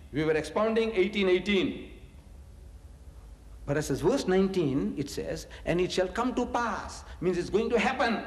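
A man giving a public lecture on scripture, telling stories with mocking asides and repeating phrases for emphasis. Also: high-pitched. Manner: animated storytelling, mocking asides, chuckles. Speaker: religious lecturer. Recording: echoey hall reverb.

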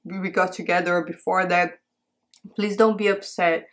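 A young woman talking casually to camera, soft-spoken and halting, close to tears. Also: on the low side, steady tone. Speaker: vlogger announcing a breakup. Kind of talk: casual heartfelt chat to camera.

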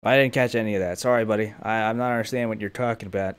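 A man's voice: lowish voice, steady tone, racing, clean tone. A young man hosting a gaming channel, wearing headphones and talking to himself with jokey running commentary as he plays. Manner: jokey running self-talk. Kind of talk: gameplay commentary. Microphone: headphones with mic.

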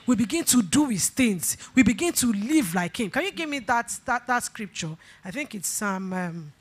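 A woman's voice: a little high, lively intonation, normal speed, slightly rough. A woman pastor preaching a sermon, leading call-and-response, repeating phrases and breaking into emphatic bursts. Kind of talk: sermon exhortation.

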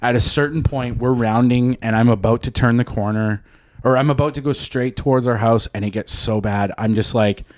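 A man's voice: mid-range voice, normal speed. A man, telling a story in casual chat on a podcast, swearing freely and acting out the voices of the people in it. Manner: animated, swears freely, acts out quoted voices. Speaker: podcast guest.

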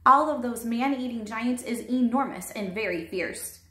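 A woman's voice: fairly high pitch, moderate pace, fairly bright tone, voice pushed up, lightly acted. Woman reading as a kindly giant with mangled words. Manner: tumbles through made-up words with a folksy lilt. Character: big friendly male giant, kindly, muddled speech. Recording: roomy echo.

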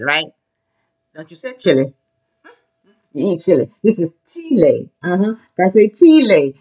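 Lively, animated Spanish teacher. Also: medium pitch. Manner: enthusiastic, drills words for the class to repeat; slows down to model pronunciation. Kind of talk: classroom language lesson.

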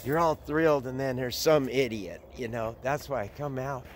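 An older man, running an animal sanctuary and chatting casually outdoors in a rambling way, breaking into a high cooing voice for the puppies. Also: normal speed, slight background noise. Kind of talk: casual vlog chat.

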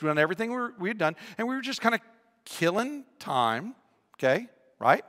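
High bright-voiced male pastor preaching. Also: moderate pace, big-room sound. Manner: animated storytelling with humor and repetitions. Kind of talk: sermon.

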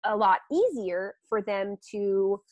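A woman dog trainer talks through her program on a podcast in an animated, chatty way. Her voice sits mid-range for a woman. The recording is close and dry, with no room sound. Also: mid-range voice, slow, no room sound. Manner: animated, laughs often, acts out quotes. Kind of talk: podcast interview.

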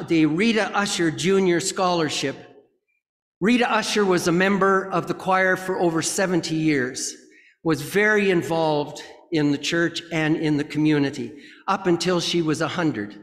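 An older man presenting music scholarships during a church service, speaking haltingly with many fillers. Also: high-pitched. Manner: slow, halting, with frequent fillers. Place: church sanctuary. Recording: reverberant church sanctuary.

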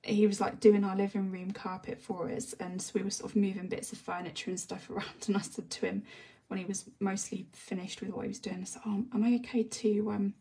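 An English woman chatting casually while she teaches colouring on a live stream, often sinking into a soft half-whisper as she works. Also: medium pitch, fairly quick, far from the mic. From England. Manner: relaxed rambling chat, often drops to a soft half-whisper while working. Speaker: colouring tutor.

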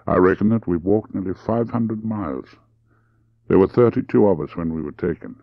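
A man's voice: low voice, normal speed, gravelly, no room sound. A man voicing a weary, resolute young Englishwoman prisoner who speaks plainly and matter-of-factly, in a dull lo-fi recording.

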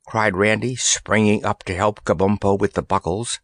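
A man narrating a children's fantasy story in an expressive, animated storytelling manner. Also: fairly low pitch, normal speed, hardly any pauses, no room sound, clean studio sound. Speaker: audiobook narrator.

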